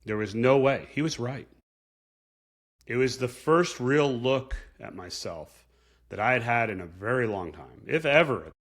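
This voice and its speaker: A man's voice: mid-range voice, animated, measured pace, a bit bright. A man hosting a podcast, telling a personal story in an earnest, reflective way. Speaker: podcast host.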